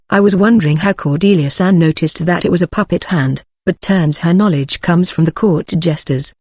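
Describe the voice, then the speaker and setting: A man narrating a fantasy light novel audiobook in a steady reading voice. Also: sits high, no room sound, studio quality. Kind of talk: scripted narration.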